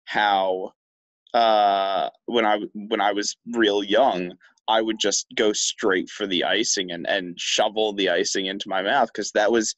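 A young man co-hosting a podcast in casual chat, talking in a slow, halting way with many restarts. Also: lowish voice, steady tone, fairly bright tone, no echo. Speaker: podcast co-host.

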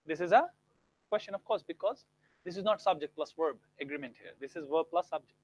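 A man's voice: high-pitched, quick pace, dry recording. A young man teaching a live grammar lesson, acting out example sentences with exaggerated rising tones. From India.

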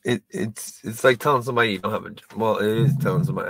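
A man's voice: fairly low pitch, racing, a bit bright, breathy edge. A man doing a casual stand-up monologue to camera, rambling and self-deprecating, swearing and stumbling over restarts. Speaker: comedian and video creator.

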